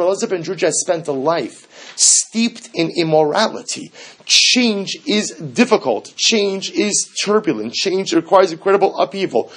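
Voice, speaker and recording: A man teaching a Talmud class, quoting Hebrew texts and asking animated rhetorical questions. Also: high voice, husky. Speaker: Torah teacher. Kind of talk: text-based Talmud class.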